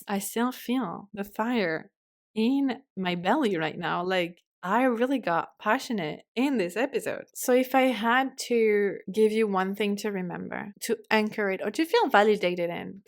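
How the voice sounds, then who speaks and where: A woman hosting a solo podcast, talking passionately and swinging from fired up to soft and calm, swearing casually. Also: medium pitch. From French-speaking. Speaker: podcast host.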